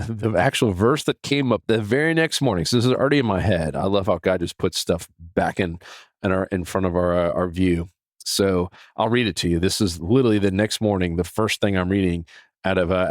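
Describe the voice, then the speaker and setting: Earnest low-voiced man talking faith. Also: no room sound, studio quality. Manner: earnest, animated, many restarts and fillers. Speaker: podcast host. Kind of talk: casual devotional talk.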